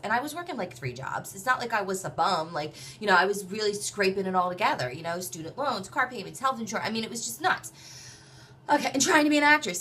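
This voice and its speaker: Chatty woman telling a personal story. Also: on the low side. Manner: animated, acts out others' voices; chatty, many fillers and restarts.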